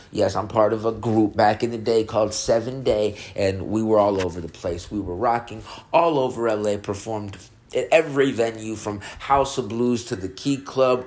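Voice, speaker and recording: A man with a lowish, slightly mellow voice hosts a casual podcast reviewing music. Stoned and laid-back, he rambles and laughs often as he chats.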